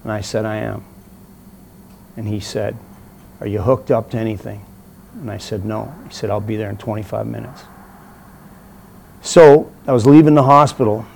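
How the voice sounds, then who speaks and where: Gravelly blunt man telling a story. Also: fairly low pitch, normal speed, long pauses, slight background noise. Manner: blunt, profane, animated anecdote teller. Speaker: interview guest. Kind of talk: casual storytelling.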